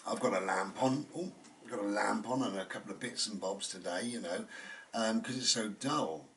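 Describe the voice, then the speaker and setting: Man, low-pitched, chatty rambling monologue, reflective, slightly distant from mic. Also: normal speed, fairly bright tone, a little hiss or hum. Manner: chatty, meandering, reflective, full of fillers. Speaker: channel host. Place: indoors at home.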